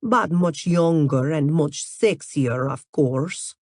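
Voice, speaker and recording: A woman's voice: deep voice, expressive, takes it slowly, darkish tone, dry recording, studio quality, heavily acted. A woman putting on a purring Russian model. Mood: flirtatious. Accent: Russian, put on. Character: sultry female Russian model, flirtatious.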